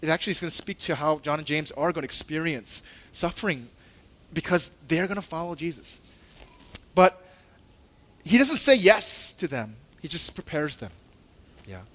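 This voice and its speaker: A man's voice: a little high, moderate pace, pauses often. A male pastor preaching a sermon in a conversational way, laughing and joking, and acting out the disciples' indignant lines in a raised voice. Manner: conversational and animated, with laughs and asides.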